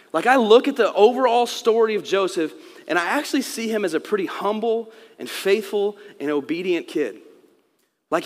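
High-voiced man preaching in a hall. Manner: conversational preaching, acts out quotes. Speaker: pastor. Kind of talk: sermon.

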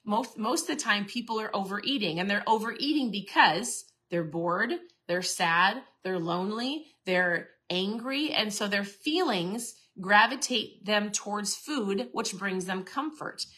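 A woman's voice: mid-range voice, animated, measured pace, few pauses, bright, forceful tone. A middle-aged woman hosting a casual motivational podcast talk, chatty and earnest, often restarting and repeating herself. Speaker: podcast host and keto coach.

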